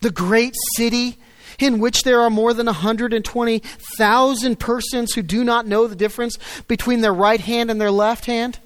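A man's voice: steady tone, normal speed, clear, resonant tone, no echo. Emphatic male preacher, dry sound. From United States. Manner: emphatic, swings from loud stresses to low quiet asides. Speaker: pastor. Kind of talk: sermon.

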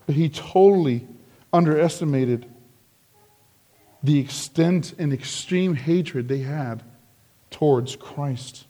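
A man with a fairly high voice preaching a verse-by-verse sermon. He speaks slowly and deliberately, leaning into emphatic lines when he quotes the crowd. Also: dark tone. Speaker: pastor. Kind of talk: expository sermon.

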